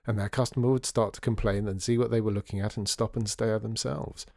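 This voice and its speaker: Low, dry-voiced male storyteller. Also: fairly even intonation, fairly quick, creaky, darkish tone, dry recording. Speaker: narrator. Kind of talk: storybook narration.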